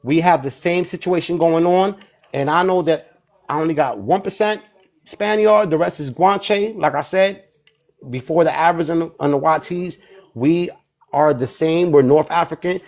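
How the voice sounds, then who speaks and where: A Puerto Rican man with a New York accent, making a rambling, defensive case in a heated online debate and flaring into shouting when challenged. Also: a little high, moderate pace. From Puerto Rico. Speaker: debate participant.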